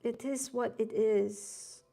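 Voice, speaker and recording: A woman's voice: a little high, fairly even intonation, slow, creaky, dark tone, soft background music. A young woman streaming while she draws, chatting in a laid-back, rambling way with casual swearing and Gen Z slang. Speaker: streamer drawing live. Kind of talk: casual chat while drawing.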